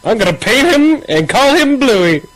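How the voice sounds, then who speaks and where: High lively joking male player. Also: moderate pace, background noise. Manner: joking, teasing. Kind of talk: casual game chat.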